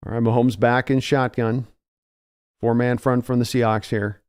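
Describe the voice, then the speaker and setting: A man's voice: mid-range voice, little pitch movement, moderate pace, darkish tone, clean tone. A man giving fan play-by-play commentary on a live game, talking conversationally with his early morning voice and climbing in energy when a big play breaks. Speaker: live reaction host.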